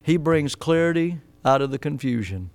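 A man preaching a sermon, swinging between loud emphatic bursts and hushed low phrases, stretching key words and often restarting mid-sentence. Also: lively intonation, normal speed, no room sound. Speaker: pastor.

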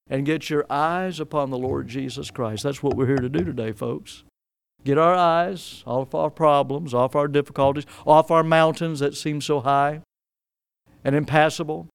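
A man preaching a sermon, swinging between loud emphatic bursts and hushed low phrases, stretching key words and often restarting mid-sentence. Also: gravelly, clean tone, no room sound. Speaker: pastor.

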